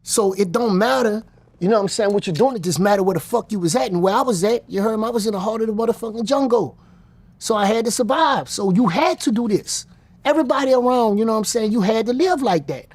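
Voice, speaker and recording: A man's voice: sits high, fast talker, a little mellow. A man, telling his story bluntly and profanely as an interview guest. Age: 50s. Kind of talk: casual storytelling.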